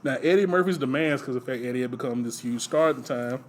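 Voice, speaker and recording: A man casually telling stories in conversation, relaxed and laughing often, with lots of fillers. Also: medium pitch, fast, a little hiss or hum. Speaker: podcast host. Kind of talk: casual chat.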